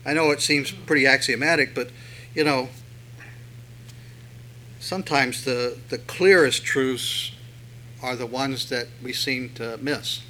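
A man preaching a sermon in a conversational way, asking rhetorical questions and swelling louder when he reads scripture. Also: medium pitch, steady tone, slow pace, pauses often, a little hiss or hum, poor audio. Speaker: pastor.

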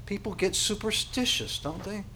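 Guy preaching, kinda high voice, punchy, throws questions at the crowd and goes quiet then loud. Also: normal speed, a little hiss or hum. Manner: emphatic, rhetorical questions, big swings in loudness. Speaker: pastor. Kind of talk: sermon.

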